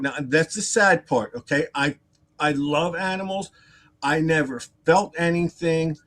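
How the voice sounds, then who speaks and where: A man's voice: a little high, a little slow. A man casually telling a long, rambling story on a live stream. He repeats himself, adds asides and acts out other people's lines. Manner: animated and rambling, with repeated words, asides and laughter.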